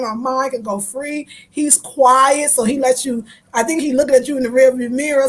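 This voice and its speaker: A woman hosting her own video, telling a lively story to her viewers and acting out the voices of the people in it, often laughing as she talks. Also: high voice. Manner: animated, laughing, acts out voices in her stories. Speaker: video host.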